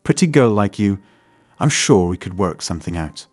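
A man's voice: deep voice, sing-song, normal speed, a little mellow, dry recording. A man reading the part of a menacing middle-aged loan shark who snarls his threats.

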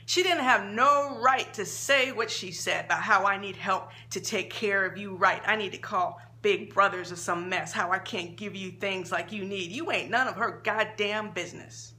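A woman's voice: mid-range voice, normal speed, hardly any pauses, sharp tone, lightly acted. A woman reading the lines of a tearful, blunt, worn-down mother in a dramatic story reading. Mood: upset. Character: weary, hot-tempered struggling mother, adult woman.

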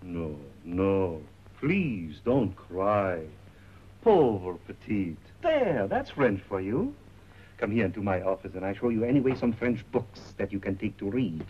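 An actor playing a smooth, ingratiating bazaar owner who talks softly and courteously, in 1930s film acting. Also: male voice, on the low side, very animated, measured pace. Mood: coaxing. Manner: soft, coaxing, courteous. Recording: dull 1930s film soundtrack with faint hiss.

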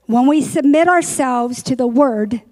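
Leading a Bible lesson at church, a woman with a high-sitting, slightly mellow voice reads out verses and walks through their meaning at a deliberate pace. Occasionally she stops to correct herself.

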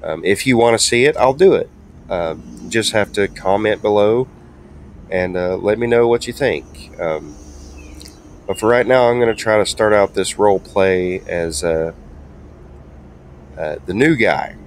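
Low-voiced guy rambling through a driving game, easygoing, faint hum behind. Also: a little slow, pauses often. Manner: rambling and laid-back. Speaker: game streamer. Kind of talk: casual gameplay commentary.

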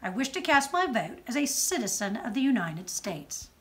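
A woman's voice: a little high, big pitch swings, normal speed, a bit bright. A woman doing a bold old suffragist. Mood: ringing. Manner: ringing, declamatory speech. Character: bold elderly woman suffragist, commanding and unafraid.

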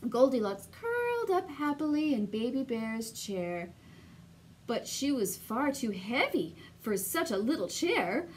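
Slow, lively-voiced woman reading a storybook. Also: high voice, slight background noise. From Canada. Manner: slow, sing-song and expressive. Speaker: children's storyteller.

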